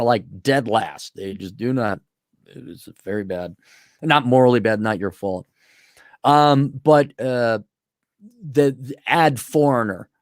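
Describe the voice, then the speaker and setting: A man hosting an opinionated commentary monologue, rambling and animated, often slipping into mocking impressions. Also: mid-range voice, dry recording, clean studio sound. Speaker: host.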